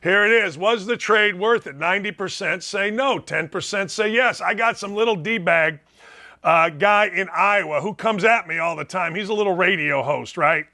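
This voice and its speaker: A man's voice: high voice, normal speed, bright, forceful tone. A middle-aged man hosting a sports talk show, ranting emphatically with rhetorical questions. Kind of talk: opinionated sports talk commentary.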